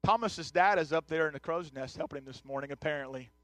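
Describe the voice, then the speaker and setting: A pastor in his thirties gives a chatty, joking sermon in a church, speaking directly to the people in the pews. His voice sits high for a man, and it sounds dry and close with little room sound. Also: quick pace, a bit bright, no echo, soft background music. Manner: joking, chatty, talks straight to the congregation. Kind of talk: conversational sermon. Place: church sanctuary.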